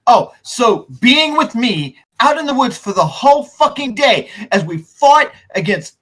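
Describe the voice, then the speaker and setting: A man's voice: very high voice, very animated, unhurried, voice pushed up, heavily acted. A man playing a furious betrayed young guard. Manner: shouting, accusing. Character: angry betrayed young male town guard.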